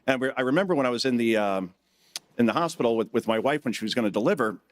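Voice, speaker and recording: A man's voice: mid-range voice, expressive, very fast. A middle-aged man giving a live speech at a conference, telling jokey stories and acting out quotes in changing voices. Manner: joking storyteller who acts out quotes in shifting voices. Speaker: conference speaker. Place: conference hall stage.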